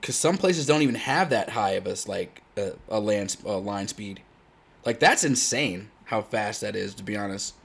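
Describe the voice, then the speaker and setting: A man born in Germany, a native German speaker, hosting a game tournament in casual chat, blunt and loud when excited. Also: lowish voice, normal speed, gravelly, slightly rough. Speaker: tournament host.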